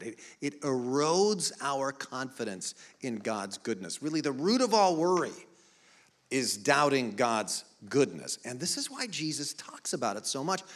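Middle-aged guy preaching, voice swings way up and down, goes quiet then gets loud and pushy. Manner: animated storytelling, soft low stretches rising to loud emphatic appeals. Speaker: pastor. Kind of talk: sermon.

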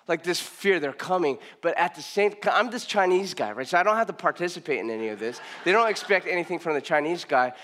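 A man preaching a storytelling sermon to a live congregation, animated and acting out what people said, often restarting his sentences. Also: high voice. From Southern California, US. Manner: animated, acts out quoted speech, frequent restarts.

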